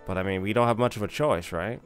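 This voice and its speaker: A man's voice: fairly low pitch, fast, smooth, faint music behind. A man giving casual, rambling and wry commentary while playing a game. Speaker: let's play host.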